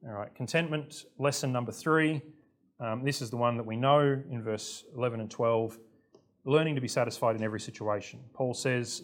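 A man preaches at an everyday middle pitch. He talks through the lesson in a loose, conversational way, with restarts and asides against himself, and now and then he slips into the voices of the people in his stories. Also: steady tone, brisk. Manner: conversational, self-deprecating, tells stories with quoted voices. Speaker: pastor. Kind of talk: sermon.

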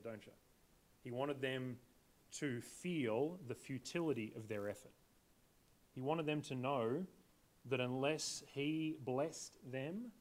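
A male preacher delivers a sermon in a relaxed, conversational manner. His voice sits at an ordinary middle pitch, and he keeps drawing the congregation in with direct questions.

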